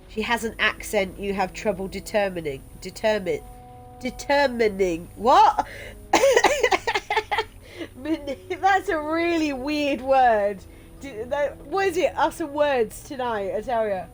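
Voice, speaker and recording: A woman's voice: medium pitch, slight background noise. A woman streaming a game playthrough, reading its text aloud and chatting casually, swearing now and then.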